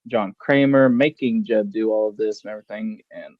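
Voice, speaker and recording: A man's voice: lowish voice, normal speed, dry recording. Man with a dull, dry sound. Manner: steady, recounting film plots. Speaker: podcast co-host. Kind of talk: casual horror film discussion.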